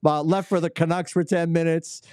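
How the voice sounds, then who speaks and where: A man with a New England accent hosting a casual sports podcast, animated and teasing, laughing often. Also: fairly high pitch, normal speed, no echo, studio quality. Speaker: podcast host.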